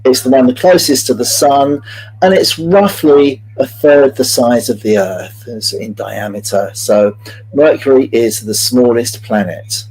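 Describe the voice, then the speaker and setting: A man's voice: medium pitch, a little slow, a little mellow, breathy edge, low-quality recording. A man hosting a live-streamed multiple-choice quiz, chatty and jokey, greeting viewers by name as he reads out the questions. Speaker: quiz host.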